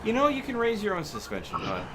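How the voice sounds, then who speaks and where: A man's voice: high-pitched, wildly swooping pitch, quick pace. Joking man chatting over game noise. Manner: joking, laughs easily, self-deprecating. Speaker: gamer on a multiplayer stream. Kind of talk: casual chat while gaming.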